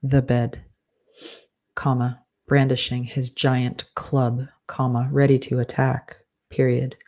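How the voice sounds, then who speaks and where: A man's voice: mid-range voice, monotone, takes it slowly, darkish tone. A man dictating a novel aloud, speaking each comma and period as he goes. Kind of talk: dictation with punctuation spoken aloud.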